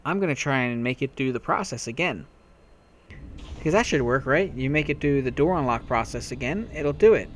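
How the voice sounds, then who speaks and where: A man's voice: mid-range voice, lively intonation, normal speed. A man giving a playful, sarcastic voice-over commentary on a video game. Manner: sarcastic, self-mocking, playful. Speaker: let's-play commentator.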